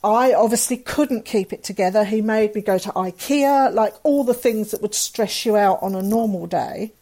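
A woman's voice: mid-range voice, normal speed, warm tone. A middle-aged woman, a guest telling a personal story in a candid, earnest way with fillers and restarts. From England.

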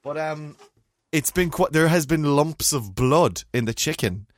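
A man, co-hosting a casual chat and telling rambling, animated stories full of restarts. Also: on the high side, unhurried. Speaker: podcast co-host.

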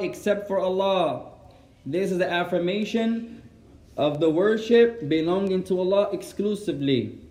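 A man teaching a class, dictating and repeating each phrase slowly so students can write it down, translating line by line. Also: sits high, darkish tone, roomy sound. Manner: translates line by line, patient and instructive. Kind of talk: classroom lesson, dictating for memorisation.

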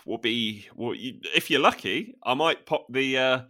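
Lively, bright podcast co-host. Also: male voice, mid-range voice, unhurried. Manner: playful, animated, laughs easily. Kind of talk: casual podcast chat.

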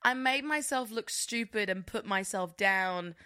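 A young woman co-hosting a casual podcast chat, animated and laughing, with lots of fillers. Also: mid-range voice, a little slow, clean tone. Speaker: podcast co-host.

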